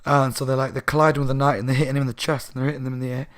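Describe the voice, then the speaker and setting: A man with a sore throat casually retelling a book plot as a reviewer, rambling and animated. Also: medium pitch, rapid-fire. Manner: rambling, animated, laughing asides.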